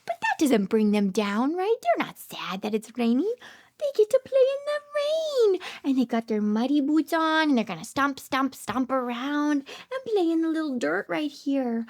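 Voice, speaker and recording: A woman speech therapist reading a picture book aloud to toddlers, animated and sing-song, with frequent gasps and hushed whispered asides. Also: high-pitched, moderate pace.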